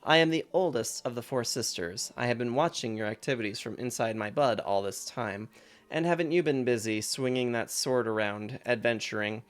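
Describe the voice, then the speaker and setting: A man's voice: medium pitch, normal speed, close to an everyday voice. A man doing a grand ancient fairy spirit. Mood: theatrical. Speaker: streamer reading game dialogue.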